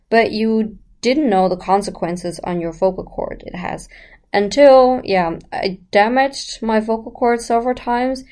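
Her medium-pitched voice has a darkish tone as this voice coach delivers a casual explanatory lesson. Talking straight to the listener, she teaches about the voice conversationally and throws in rhetorical questions.

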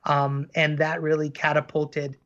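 A man's voice: a little high, monotone, unhurried, a bit bright, dull audio, slight background noise. A man chatting on a podcast as a guest cartoon creator, telling stories earnestly with lots of fillers. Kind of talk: casual podcast conversation.

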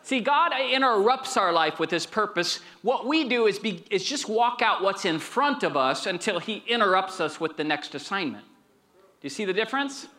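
A middle-aged man preaches a sermon in a bright, high voice. He drops low for storytelling, then rises to emphatic calls for amens. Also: animated, moderate pace. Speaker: pastor.

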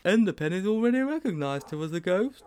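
Man doing a young schoolboy, high voice, eager, inquisitive, storybook reading. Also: big pitch swings, quick pace, a little mellow, clear, resonant tone.

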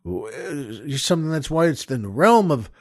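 Exasperated high-voiced man telling a story. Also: sing-song, moderate pace, no echo, studio quality. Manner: exasperated, digressive, incredulous. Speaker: podcast host. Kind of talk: comic storytelling monologue.

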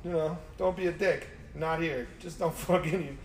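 A man in his forties, running a car shop, chatting casually and acting out quotes with loud, profane storytelling. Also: fairly high pitch, moderate pace, gravelly. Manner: animated storyteller, swears freely, acts out quotes loudly. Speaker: shop owner. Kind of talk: casual chat. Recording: echoey room with faint background noise.

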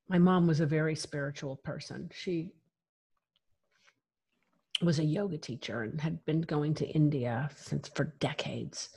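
A woman speaks as an interview guest in a somewhat low voice, recounting her own life candidly. She talks frankly and with emphasis, laughing lightly between phrases. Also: slow pace, creaky, long pauses, a little mellow, husky. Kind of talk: candid personal storytelling.

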